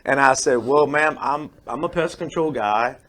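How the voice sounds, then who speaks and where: A man's voice: medium pitch, moderate pace, a bit bright. A man, a pest control worker who is also a pastor, telling an earnest story as a guest in a radio studio and acting out the people he quotes.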